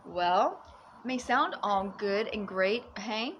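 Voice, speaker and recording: This Fiji-based livestream vlogger talks slowly in a medium, slightly bright voice with lively intonation, chatting casually with viewers from home. She's bubbly and full of exclamations, frequently breaking into giggles, and there's a little hiss or hum in the background.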